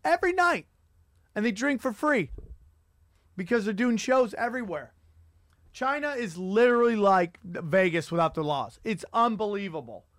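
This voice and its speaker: A man hosting a casual podcast, telling rambling, profane stories with animated energy. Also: sits high, moderate pace, no echo, studio quality. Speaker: podcast host and comedian. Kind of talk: crude casual chat.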